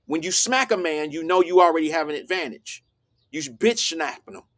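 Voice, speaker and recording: A man with a high-pitched voice hosts a casual talk show. He tells stories in an animated, emphatic way and acts out the other people's lines as he goes. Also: moderate pace. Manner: animated storytelling, acts out quotes. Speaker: host.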